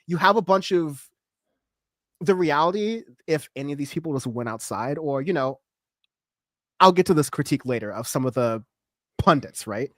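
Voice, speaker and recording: A man's voice: a little high, lively intonation, normal speed, pauses often, no echo, clean studio sound. A man hosting a political livestream, rambling with lots of fillers and sarcastic asides. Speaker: political commentary host. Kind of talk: livestream commentary.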